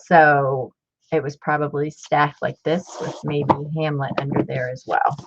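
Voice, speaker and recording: A woman in her fifties, chatty and excitable, showing off old books in a casual vlog. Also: low-pitched, unhurried. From Ohio. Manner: chatty, excitable, muttering asides. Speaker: book collector vlogger. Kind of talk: casual show-and-tell. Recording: dull lo-fi home recording.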